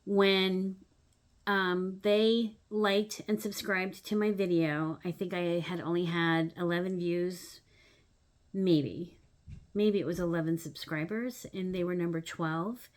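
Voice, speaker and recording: A woman in her fifties hosting her needlework channel, telling a story in a chatty, animated way with frequent "um" fillers. Her voice goes loud when she acts out moments and drops soft for asides. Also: on the low side, slow pace. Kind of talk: casual vlog storytelling.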